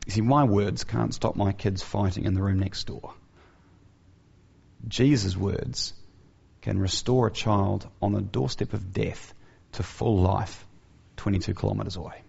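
A man's voice: on the low side, fairly even intonation, measured pace, gravelly, long pauses, a little mellow, slightly rough. A man preaching an earnest sermon who asks his listeners rhetorical questions, in a dull, lo-fi recording.

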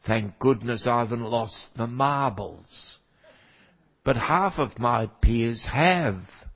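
Slow husky older man preaching, coughing cold. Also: medium pitch, animated, fairly bright tone, lo-fi sound. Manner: conversational, wry asides to the congregation. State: has a cold, coughing now and then. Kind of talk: sermon.

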